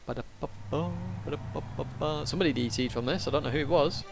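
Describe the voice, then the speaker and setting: A man's voice: mid-range voice, rapid-fire, gravelly, music in the background. A man commentating live on his own sim race and chatting with viewers, with mumbled asides as he drives. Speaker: sim racing streamer. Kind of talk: live gameplay commentary, reading chat. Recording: racing game engine noise behind. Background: car engine sounds from the game.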